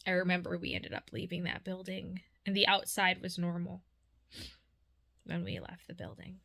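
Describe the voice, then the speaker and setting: A woman speaks in a casual, heartfelt vlog about a dream and her faith, leaning on loose fillers as she goes. Her voice sits a bit low but sounds bright and forceful. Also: vocal fry. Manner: earnest and heartfelt, many "like" fillers. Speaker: vlogger.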